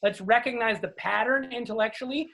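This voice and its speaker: A man's voice: very high-pitched, brisk, vocal fry, sharp tone. A man speaking as a guest in a casual conversation over a video call, earnest and often checking in with "right?".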